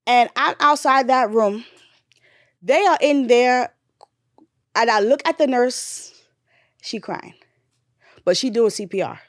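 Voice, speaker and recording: A woman who is a nurse and a bereaved mother recounts a painful memory in a candid podcast conversation, swearing as she drifts from loud retelling into quiet grief. Her voice is a little high and slow with long pauses, recorded in clean studio sound without echo.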